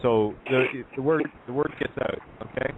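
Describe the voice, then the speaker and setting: A man's voice: medium pitch, moderate pace, slight background noise. A man co-hosting a radio show, rallying listeners in loose, hesitant talk full of fillers. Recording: tinny phone line.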